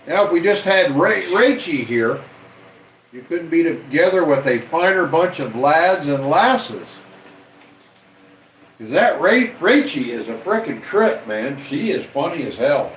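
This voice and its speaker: A man's voice: on the high side, big pitch swings, a bit bright. A man hosting a late-night livestream, casually chatting and teasing viewers as he reads their comments. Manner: slow, rambling, teasing. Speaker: livestream host. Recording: roomy sound from some distance off the mic, faint background hum.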